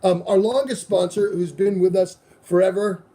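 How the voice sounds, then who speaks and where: A man's voice: high-pitched, fairly even intonation, moderate pace, warm tone. A middle-aged man hosting a casual podcast, rambling loosely through sponsor reads with plenty of swearing. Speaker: show host.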